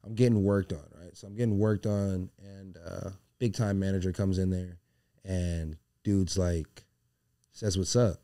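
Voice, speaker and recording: A man co-hosting a podcast, telling a rambling anecdote in a casual, animated way, full of slang and swearing. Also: low voice, unhurried. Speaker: podcast co-host.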